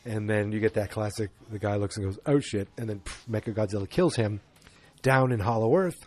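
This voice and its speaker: A man's voice: on the low side, brisk. A male podcast host walks through a film plot in a loose, rambling way. He drops in sarcastic jokes and admits what he doesn't understand. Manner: rambling, sarcastic, self-deprecating asides. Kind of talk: casual movie recap.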